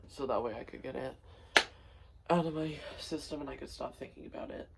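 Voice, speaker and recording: A man's voice: mid-range voice, fairly quick, creaky, heavy background noise. A tired, sleep-deprived young man talking casually as a vlogger, subdued and rambling with fillers and restarts. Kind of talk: casual personal storytelling.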